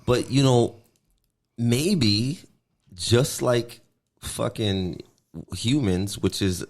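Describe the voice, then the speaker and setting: A man's voice: medium pitch, expressive, very slow. A man co-hosting a casual podcast, musing loosely and swearing freely. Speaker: podcast co-host. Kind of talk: casual chat.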